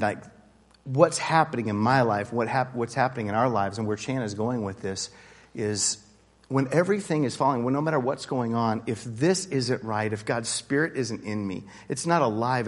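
A man's voice: mid-range voice, long reverb tail. A man leading a casual Bible study group, talking earnestly and conversationally, often restarting his sentences. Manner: earnest, conversational, with frequent restarts and rising intensity.

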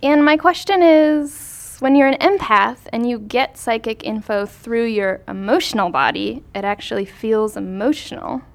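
A woman's voice: a little high, normal speed, vocal fry, few pauses. A woman in the audience asking a question. She rambles and hesitates as she searches for her words. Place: conference room with a live audience.

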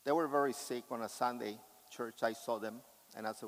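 A man's voice: mid-range voice, fairly even intonation, brisk, in a large hall, rough recording. A man preaching a sermon with impassioned, emphatic delivery.

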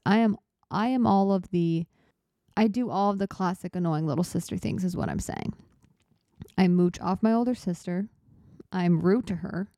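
A woman's voice: on the low side, dark tone, no echo, clean studio sound. A young woman in her twenties hosting a laid-back solo podcast, chatty and self-deprecating, a little out of breath as she rambles. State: slightly out of breath. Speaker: podcast host.

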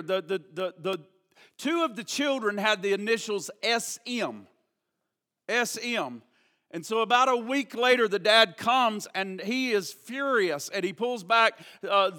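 A man preaching a sermon at a church service. He moves from hushed prayer to loud, emphatic preaching and repeats words as he builds emphasis. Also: high-pitched. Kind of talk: sermon with a prayer and a storytelling illustration.

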